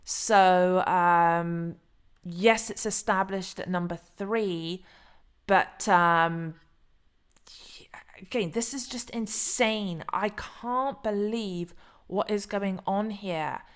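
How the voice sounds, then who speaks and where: A woman hosting a casual crypto commentary stream, chatty, frank and excitable. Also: medium pitch, extremely slow, clean tone. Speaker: crypto channel host.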